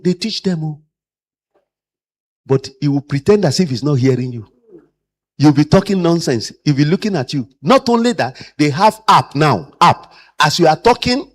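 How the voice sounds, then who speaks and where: A man lecturing caregivers as a trainer and acting out the people he quotes. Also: on the high side. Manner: animated, acts out quoted people.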